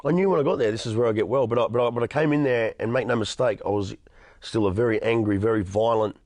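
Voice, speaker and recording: A man's voice: medium pitch, quick pace, darkish tone, no room sound. A man in his thirties with an Australian accent, giving an emphatic personal testimony as an interview guest, often repeating words and restarting. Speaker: interview guest, motivational speaker.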